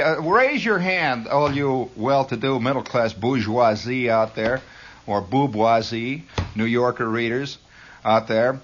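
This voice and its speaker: A male radio host delivering an improvised monologue in a wry, needling way, now and then slipping into mock voices. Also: medium pitch. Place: radio studio. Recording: dull lo-fi 1960s radio recording.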